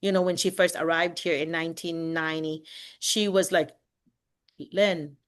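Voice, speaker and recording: A middle-aged woman from the Philippines, chatting casually and quickly on a video call as a teacher and host. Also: fairly low pitch, clear, resonant tone. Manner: talks fast when excited, lively, with laughs.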